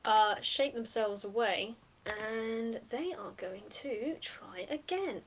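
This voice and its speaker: A woman's voice: mid-range voice, fairly bright tone, slight background noise. A woman narrating a tabletop game as game master, chatty and thinking aloud with many fillers.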